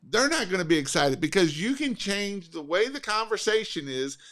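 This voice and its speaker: A man hosting a podcast, coaching on sales in an energetic, emphatic way and repeating his points. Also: high voice, normal speed. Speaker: podcast host. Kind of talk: casual sales coaching chat.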